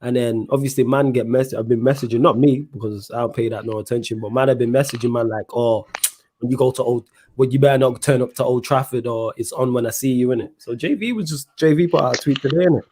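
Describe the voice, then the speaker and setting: A young man, co-hosting a football watchalong in casual chat, slangy and excitable, swearing freely. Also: medium pitch, fast, breathy edge. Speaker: watchalong co-host.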